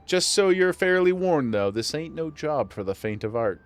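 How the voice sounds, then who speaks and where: A man voicing a gruff male tavern keeper with a clumsy put-on rough dockside accent, reading game dialogue aloud. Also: mid-range voice, expressive, normal speed, close to an everyday voice.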